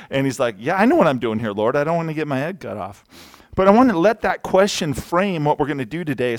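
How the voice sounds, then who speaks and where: A man's voice: medium pitch, no room sound. A man giving a sermon in a church in a casual, conversational way with joking asides, speaking into a mic. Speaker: preacher. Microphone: handheld or worn mic.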